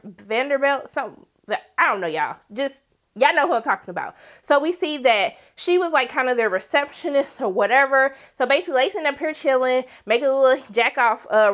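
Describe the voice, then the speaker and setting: A young woman casually recapping a TV episode, slangy, profane and animated, acting out the characters' lines as she goes. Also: high voice. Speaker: TV show reviewer.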